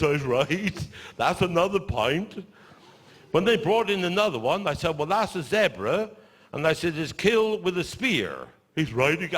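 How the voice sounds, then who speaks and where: A man's voice: high voice, a bit bright. An older man with a Cornish accent, telling earthy, swear-filled comic stories on stage and putting on voices for the people in them. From Cornwall. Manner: broad earthy storytelling, swearing, acting out voices. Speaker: stand-up comedian. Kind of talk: stand-up storytelling to a live audience.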